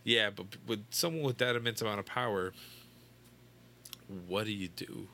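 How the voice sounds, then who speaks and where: Low-voiced man recapping a comic. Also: moderate pace, vocal fry, pushed and bright, slight background noise. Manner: rambling, profane, filler-heavy storytelling. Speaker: comic book fan recapping a storyline. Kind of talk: casual chat.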